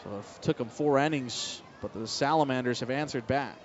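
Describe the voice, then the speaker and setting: A man calling a baseball game play by play, telling a relaxed personal story between the calls. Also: mid-range voice, moderate pace, some chatter behind, a little hiss or hum. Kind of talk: live baseball commentary mixed with personal storytelling. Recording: slightly muffled broadcast audio with faint ballpark ambience.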